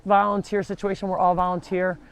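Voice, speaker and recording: Brief: a chatty woman hosting a live farm tour, mid-pitch, talking to viewers and calling to her animals as she walks. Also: flat delivery, a little fast, creaky, slight background noise. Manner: chatty, talks to the animals while touring. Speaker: animal sanctuary host. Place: farm, walking between buildings.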